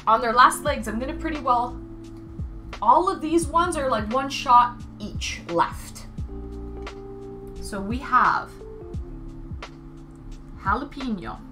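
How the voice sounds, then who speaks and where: Slow-talking bright-voiced woman streamer. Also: high voice, expressive, music in the background. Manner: chatty, thanks viewers and talks to chat by name. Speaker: livestreamer. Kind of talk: casual live-stream chat.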